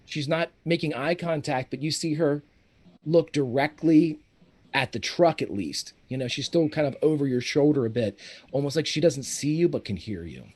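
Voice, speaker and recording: A man running a tabletop game as game master, describing scenes in steady narration. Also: fairly high pitch, moderate pace.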